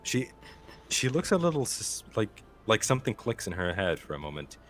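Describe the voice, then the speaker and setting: Deep-voiced man running a tabletop game. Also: very animated, normal speed, fairly bright tone, slight background noise. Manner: casual narration with hesitant fillers. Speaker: game master.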